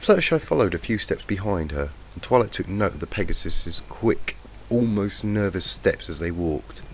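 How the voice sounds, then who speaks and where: Deep-voiced man reading a story, croaky from a cold. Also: animated, normal speed. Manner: plain, lightly emotive storytelling. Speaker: fanfiction reader. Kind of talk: reading a fanfic aloud. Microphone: cheap faulty home mic. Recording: noisy lo-fi mic.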